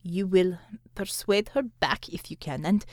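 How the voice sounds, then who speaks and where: Stern female commissar as a narrator puts her on, lowered voice, clipped and flat, slow deliberate delivery. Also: no echo, clean studio sound, close to an everyday voice. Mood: commanding. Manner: clipped, flat, speaks through clenched teeth. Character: stern cold female Soviet-style commissar.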